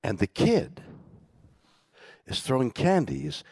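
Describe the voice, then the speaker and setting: An older man speaking as keynote guest, telling a story to a live audience with a dramatic, halting delivery and hushed asides. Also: medium pitch, huge pitch swings, slightly rough, no room sound, studio quality. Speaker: keynote guest in a stage conversation. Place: conference stage.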